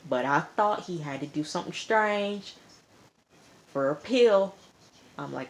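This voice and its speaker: A woman with a slightly low voice recaps a TV episode for her vlog. She retells it in a lively, dramatic way, repeating lines for emphasis and talking casually to her viewers. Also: measured pace, pauses often, a little hiss or hum. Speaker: TV episode reviewer.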